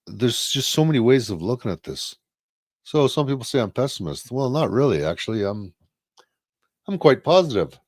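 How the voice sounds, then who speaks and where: Blunt low-voiced man on a live stream. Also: lively intonation, normal speed, darkish tone, no room sound, clean studio sound. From Canada. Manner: blunt, profane, rhetorical questions. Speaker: co-host of a live-stream talk show. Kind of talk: casual live-stream commentary.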